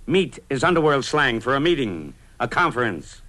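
A middle-aged man telling his own story as scripted radio narration, with a brisk, punchy newsman's delivery. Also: medium pitch, very animated, bright, forceful tone.

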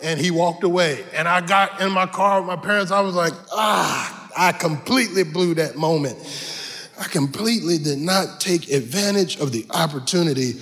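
A pastor preaching a sermon with animated storytelling, swinging from low asides to sung shouts. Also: male voice, moderate pace. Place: large arena church. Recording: long reverb of a large arena.

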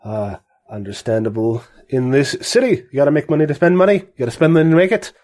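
A man doing a booming glad-handing editor. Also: expressive, fast talker, a little mellow, lightly acted. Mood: effusive. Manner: hearty, salesman-like patter.

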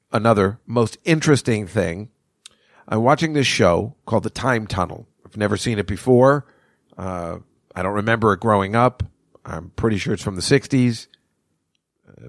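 This man in his fifties hosts his own podcast, spinning a rambling, foul-mouthed story and cracking himself up along the way. His pitch is fairly low and his pace moderate, with dry, clean studio sound.

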